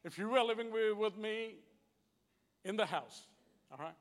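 High-voiced Kiwi preacher in a reverberant hall. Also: male voice, a little slow. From New Zealand. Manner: earnest, repetitive, plain-spoken. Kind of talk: conversational sermon.

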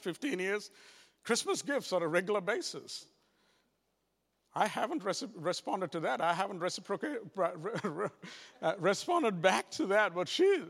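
Man, pastor, sermon, high voice, long hall reverb, talks straight to the congregation. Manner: animated, repetitive restarts, addresses congregation directly.

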